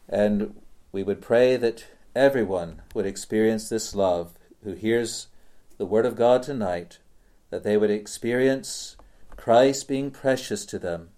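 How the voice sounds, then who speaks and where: A man preaching a sermon, slow and deliberate, repeating phrases for emphasis. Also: fairly low pitch, warm tone.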